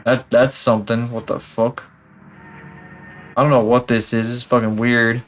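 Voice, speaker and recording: Young male streamer, casual mid-pitch voice, loose and profane, light music underneath. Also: flat delivery, measured pace, a bit bright. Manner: rambling, profane and self-mocking. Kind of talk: casual live-stream chat.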